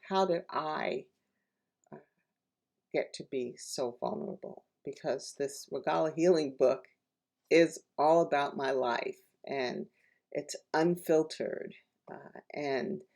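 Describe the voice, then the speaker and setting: Slow, gravelly-voiced woman author. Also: sits low. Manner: gentle, hesitant, with many fillers; repeats lines slowly and softly. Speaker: author reading her poetry. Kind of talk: reading a poem and teaching self-care practices.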